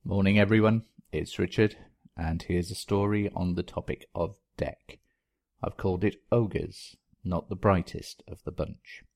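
Male storyteller, very low and husky, unhurried reading. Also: fairly even intonation, darkish tone. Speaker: story reader.

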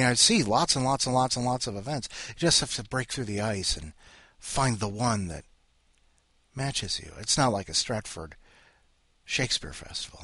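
A man's voice: mid-range voice, bright, forceful tone, husky, dry recording. A man hosting a story podcast, chatting in a rambling, self-mocking, joking way. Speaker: podcast host. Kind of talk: casual rambling chat.

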